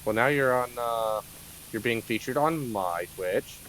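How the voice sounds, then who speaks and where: A man's voice: medium pitch, expressive, measured pace, fairly bright tone, slight background noise, poor audio. A man hosting his own game stream, teasing his friends in casual chat. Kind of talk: casual chat while gaming.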